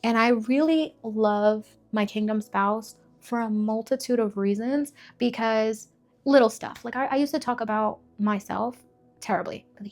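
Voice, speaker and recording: A woman's voice: fairly high pitch, fairly even intonation, fairly quick, gravelly, darkish tone. A young woman telling her faith testimony in a candid, conversational way, blunt and full of filler words.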